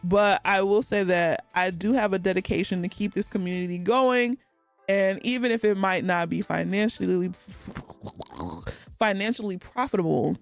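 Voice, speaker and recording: A woman's voice: lowish voice, gravelly. A woman with a Texan accent and a slight lisp, chatting casually on a live stream and laughing often as she answers her chat.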